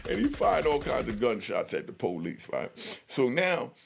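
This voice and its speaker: A man's voice: medium pitch, sing-song, normal speed, gravelly, husky. A middle-aged man telling prison stories casually, in street slang with constant fillers. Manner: street slang, constant "you know what I mean" fillers. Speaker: storyteller, channel host.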